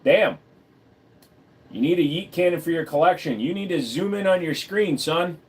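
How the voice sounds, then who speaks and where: A man's voice: a little high, normal speed. Male livestream host, loose and foul-mouthed, reads chat and riffs off it. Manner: blunt, profane, rambling, reads chat aloud.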